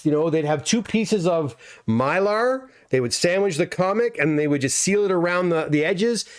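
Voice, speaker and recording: Male host, middle-aged, slightly high voice, rambling friendly livestream chat, repeats himself. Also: clean tone. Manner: chatty, loose, frequent restarts and repeated words. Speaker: comic pressing business owner and livestream host. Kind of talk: casual livestream chat reading viewer comments.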